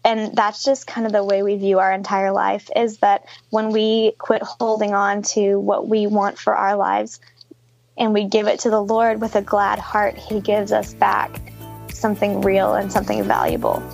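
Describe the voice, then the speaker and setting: A woman's voice: mid-range voice, moderate pace, gravelly, a little mellow, soft background music, low-quality recording. A woman in her twenties, a foster and adoptive parent, talking earnestly and casually in an interview over a video call, with lots of fillers. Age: 20s. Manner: chatty, earnest, many fillers like "like" and "kinda".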